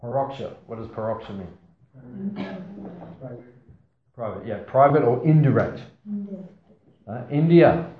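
A man's voice: medium pitch, a little slow, pauses often, slight background noise. A man giving a scripture class to a small audience. He tells stories, asks the audience questions, and makes playful asides. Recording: roomy, slightly dull sound.

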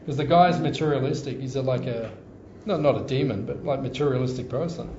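A man's voice: medium pitch, fairly quick, mellow, a little hiss or hum. A man giving an informal scripture class, telling stories chattily and repeating phrases for emphasis. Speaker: devotional class speaker. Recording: echoey room, slightly dull sound.

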